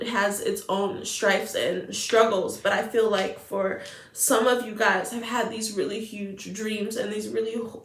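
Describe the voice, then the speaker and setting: Woman tarot reader, earnest and emotional, middle pitch, roomy echo around her voice. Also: a little hiss or hum. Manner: earnest, emotional, repeats phrases. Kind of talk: spiritual tarot reading.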